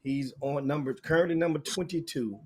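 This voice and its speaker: A middle-aged man hosting a casual sports talk show, animated and folksy, often repeating himself mid-sentence. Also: a little high, brisk, slightly rough.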